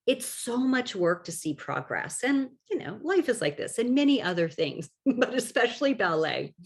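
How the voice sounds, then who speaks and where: A woman hosting a solo podcast, talking casually and chattily with a gently encouraging, self-deprecating manner. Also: fairly low pitch. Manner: chatty, self-deprecating, lots of "like" and "you know". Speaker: podcast host.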